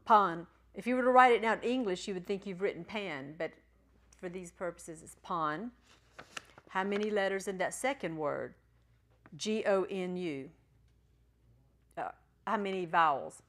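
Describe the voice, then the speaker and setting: A woman teaching a church class, patiently spelling out letters and sounding out syllables slowly. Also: mid-range voice, fairly bright tone. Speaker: Bible Greek teacher.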